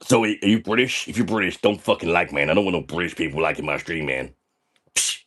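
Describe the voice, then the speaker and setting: A man's voice: low-pitched, brisk, fairly bright tone. A man playing a crude, boastful party dude on a comedy livestream, swaggering and tacking "man" onto almost every sentence. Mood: brash. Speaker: livestream character host. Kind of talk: comedic livestream persona reading chat.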